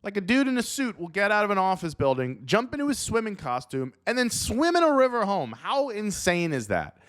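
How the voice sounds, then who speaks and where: A man's voice: high voice, fairly quick, no room sound, clean studio sound. A man, a comedian host reading an article and riffing on it while acting out silly characters. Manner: animated, acts out silly characters. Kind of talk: comedic commentary.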